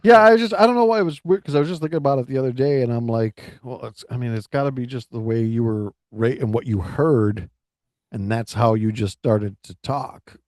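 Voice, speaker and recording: A man co-hosting a casual chat, rambling through halting restarts. His voice is mellow and even-pitched. The sound is dry and close. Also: no room sound. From United States. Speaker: podcast co-host. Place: Florida.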